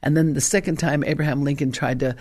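Older lady preacher, emphatic sermon, lots of rhetorical questions, gets loud. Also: sits low, fairly even intonation, quick pace. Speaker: evangelist preacher.

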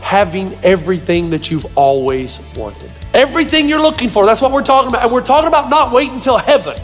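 A man preaching a sermon to a live congregation, with emphatic delivery that swings to shouted points. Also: very high voice, big pitch swings, quick pace, faint music behind. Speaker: pastor. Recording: long hall reverb.

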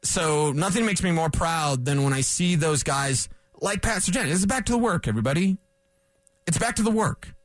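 A man in his forties hosting a sports radio show, rambling and animated, correcting himself as he goes. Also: a little high, moderate pace, no room sound. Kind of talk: casual sports talk radio monologue. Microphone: studio microphone.

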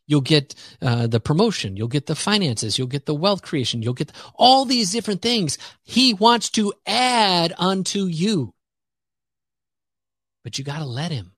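A man's voice: a little high, sing-song, measured pace, fairly bright tone, no echo, studio quality. A man talking as a podcast guest, preacher-like and emphatic, repeating phrases for rhythm as he builds a motivational faith message.

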